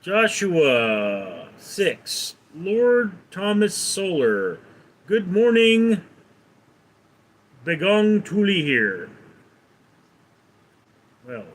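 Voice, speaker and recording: A man's voice: high-pitched, very animated, drawn-out words, long pauses, low-quality recording. A man chatting casually on a live stream, telling a rambling joke and reading out and answering viewer comments. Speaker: livestreamer. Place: home in Los Angeles.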